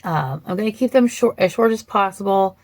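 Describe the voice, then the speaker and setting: A woman talking casually about two film versions of a story, thoughtful and hesitant with many pauses and restarts. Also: mid-range voice, animated, no room sound. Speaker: vlogger reviewing films.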